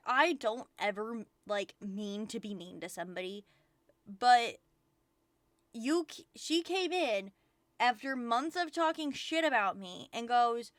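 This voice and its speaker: A woman's voice: a little high, fairly bright tone, dry recording, clean studio sound. A young woman streaming from home, venting and rambling with lots of profanity in casual chat.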